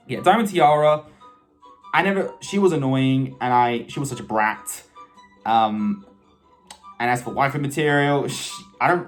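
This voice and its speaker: A man giving casual, enthusiastic commentary as a video host, rambling with frequent self-corrections and asides. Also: medium pitch. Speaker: video host ranking cartoon characters.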